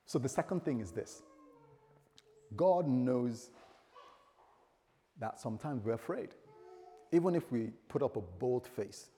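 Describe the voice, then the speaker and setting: A male pastor preaching a sermon in a conversational, animated way, acting out little dialogues. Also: mid-range voice, a little slow, long pauses. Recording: long hall reverb.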